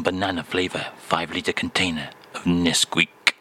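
Mock-pompous, lively man hosting. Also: mid-range voice, a little slow, slight background noise. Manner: mock-pompous, rambling, deadpan. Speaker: radio comedy host. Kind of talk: comic radio segment.

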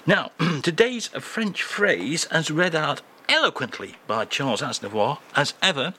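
A man's voice: on the high side, very animated, moderate pace, pushed and bright, a little hiss or hum. A man hosting a radio show, bantering playfully and teasingly in a comedy segment. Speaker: radio host.

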